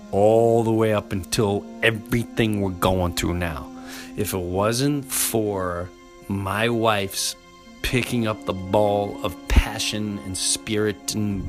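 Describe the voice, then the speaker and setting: A man hosting a podcast, telling a personal story in an earnest, animated way and slipping into voices for the people in it. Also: on the low side. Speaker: podcast host.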